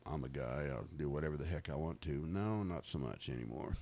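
A man's voice: a bass voice, expressive, fairly quick, vocal fry, dark tone. A middle-aged man from the United States telling faith stories in a casual, rambling way, often repeating words and laughing. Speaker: speaker sharing faith stories. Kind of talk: casual storytelling testimony.

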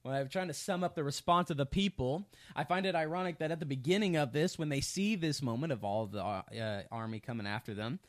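A man's voice: on the high side, fast, hardly any pauses, no room sound, clean studio sound. A man teaching a casual Bible study, reading scripture and then talking it through in a loose conversational way with many fillers and sarcastic asides.

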